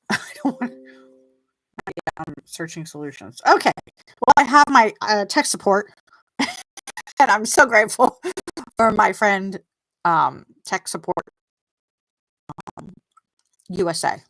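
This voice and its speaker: A woman's voice: mid-range voice, animated, takes it slowly, long pauses, fairly bright tone, a little hiss or hum, rough recording. Chatty middle-aged woman on a live stream. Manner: chatty and rambling, often laughing at herself; chewing gum while talking. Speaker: mindset coach hosting a live stream. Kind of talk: casual live-stream chat. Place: at a table with her computer, indoors. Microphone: plug-in desk mic.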